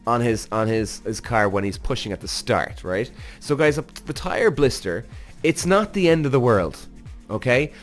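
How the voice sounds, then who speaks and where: Swearing, animated podcast host. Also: male voice, mid-range voice. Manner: animated, swears freely, talks straight to the audience as "guys". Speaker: podcast host, former racing driver. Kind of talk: casual reaction commentary.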